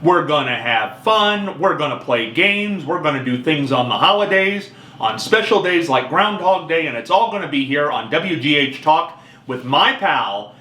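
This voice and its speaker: A man's voice: a little high, lively intonation, moderate pace, sharp tone. A man hosting a talk radio show, with an upbeat, showy announcer delivery and playful teasing. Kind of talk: casual talk show banter. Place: radio studio. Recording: echoey room, faint background noise.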